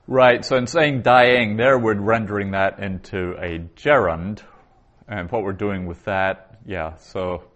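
Deep-voiced man teaching Hebrew grammar. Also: steady tone, a bit bright, highs cut off. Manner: patient, explanatory, reads Hebrew phrases aloud slowly. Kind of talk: recorded grammar lesson.

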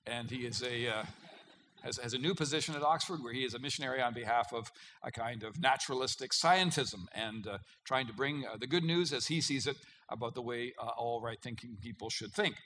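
A man preaching a sermon in a conversational, emphatic way, often pausing with fillers and pushing hard on key words. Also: mid-range voice, pushed and bright, slight background noise.

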